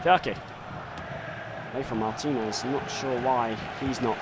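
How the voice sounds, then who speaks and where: A man commentating his own football video game live, muttering play-by-play and swearing and yelling when things go wrong. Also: medium pitch, fairly even intonation, normal speed, heavy background noise.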